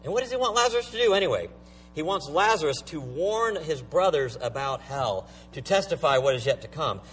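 Animated male preacher, distant mic. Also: fairly high pitch, fairly quick, slight background noise. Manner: emphatic, rhetorical questions. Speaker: pastor. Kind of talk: sermon.

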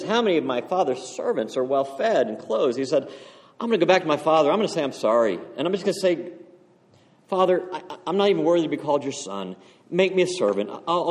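Impassioned preacher in a reverberant hall. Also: male voice, fairly high pitch. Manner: impassioned storytelling, rising to fervent exhortation. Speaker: pastor. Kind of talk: sermon.

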